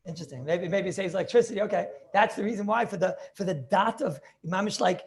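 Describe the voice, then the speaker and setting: A man's voice: high-pitched, quick pace, gravelly. A man teaching a Talmud class over a video call, thinking aloud with many restarts and questions to his students.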